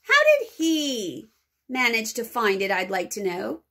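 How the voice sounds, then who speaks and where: A woman's voice: high-pitched, sing-song, slow pace, a bit bright, voice pushed up, heavily acted. A woman voicing a large boy who complains angrily and jealously. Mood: resentful. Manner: complaining, resentful. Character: big angry jealous boy.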